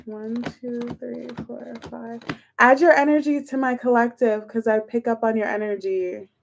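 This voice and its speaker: A woman's voice: a little high, steady tone, moderate pace, creaky, background noise. A woman reading tarot on a livestream, counting aloud as she shuffles and chatting casually with her viewers. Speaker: tarot reader.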